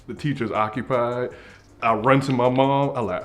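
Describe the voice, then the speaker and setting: A young man telling a comedic story from his childhood, acting out the scenes and dropping into hushed tones. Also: mid-range voice, brisk, faint music behind. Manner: animated, acts out scenes, drops to hushed tones. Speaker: comedy group member.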